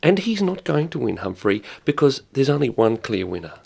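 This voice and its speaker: An Australian man co-hosting a radio show, talking in a pompous, mock-solemn way that swings into excited heckling. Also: mid-range voice, brisk, vocal fry, husky. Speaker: comedic guest co-host. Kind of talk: mock-serious comedic radio banter. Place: radio studio.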